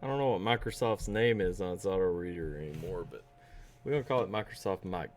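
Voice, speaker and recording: A man hosting a reaction video, giving excitable, casual commentary and often laughing. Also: deep voice, fast talker, slight background noise.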